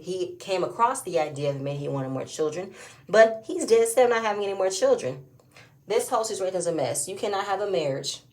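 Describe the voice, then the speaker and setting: A woman with a slightly low voice talks through a reality show episode in a casual review. She is opinionated and often pushes into emphatic, louder stretches when she makes her point. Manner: opinionated, rising to emphatic outbursts. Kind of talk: casual recap commentary.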